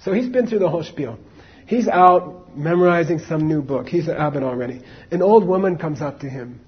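A man's voice: fairly high pitch, animated, fairly quick, husky, muffled recording. A man giving a casual Buddhist dharma talk, telling a story conversationally with many asides to his listeners. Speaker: Buddhist teacher.

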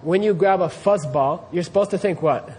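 A man's voice: high-pitched, moderate pace, a little mellow, slight background noise. A man teaching Buddhist practice to a class, putting questions to the students and often checking that they follow. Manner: quizzes the class, keeps checking "you see what I mean?".

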